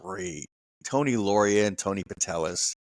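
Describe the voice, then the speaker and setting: A man's voice: lowish voice, moderate pace, no echo. A man in his fifties from New Jersey hosting a casual chat, reminiscing animatedly and laughing often. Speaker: podcast host.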